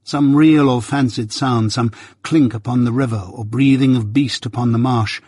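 A man narrating a story in a measured storytelling manner. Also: mid-range voice, steady tone, darkish tone, husky, no room sound, studio quality. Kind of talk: scripted narration.

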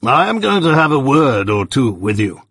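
A man with a husky voice voicing a stern, deliberate middle-aged lawyer who questions slowly and emphatically, in a storybook reading. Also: mid-range voice, big pitch swings, fairly bright tone, no room sound, clean studio sound, exaggerated voice. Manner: slow, emphatic cross-examining delivery.

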